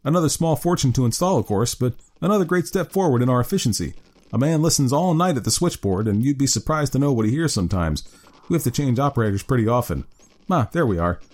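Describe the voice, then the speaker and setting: A man's voice: medium pitch, expressive, fast, darkish tone, voice pushed up, close to an everyday voice. A man voicing a grim middle-aged man who hunts ghouls beneath the city, fervent and gloating. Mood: eager. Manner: fervent, rising to frenzied gloating. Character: grim middle-aged male underground ghoul-hunter chief. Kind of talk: dramatic story reading.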